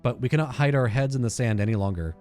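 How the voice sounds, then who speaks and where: A man's voice: fast talker, a little mellow, soft background music. A man hosting a game playthrough, reading in-game letters aloud with fillers and self-corrections. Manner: reads aloud with frequent fillers and restarts, drops into a low aside. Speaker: gaming channel host.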